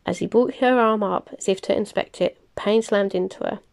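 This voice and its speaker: A woman reading a novel aloud, plain and unhurried, with small slips she corrects as she goes. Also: mid-range voice, gravelly, darkish tone. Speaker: reader. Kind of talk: audiobook-style novel reading.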